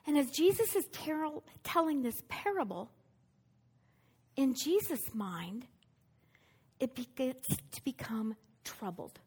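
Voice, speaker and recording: Woman preacher, high, breathy, animated storyteller. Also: slow pace, pauses often. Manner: animated storytelling, questions to the listeners. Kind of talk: sermon.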